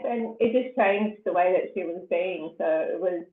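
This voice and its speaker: A woman's voice: fairly low pitch, normal speed. A woman sharing casually in an online class, hesitant and searching for her words. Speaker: class participant. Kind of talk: casual sharing on a video call. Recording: tinny phone-like audio in an echoey room.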